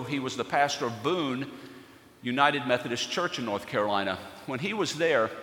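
Man preaching in a church, bright forceful voice, big echoey hall. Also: mid-range voice. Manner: earnest storytelling, rising to fervent emphasis. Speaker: pastor. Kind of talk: sermon.

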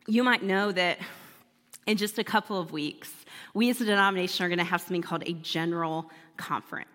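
A woman pastor telling a personal story in an animated, humorous sermon, laughing as she goes. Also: fairly low pitch, brisk, in a large hall.

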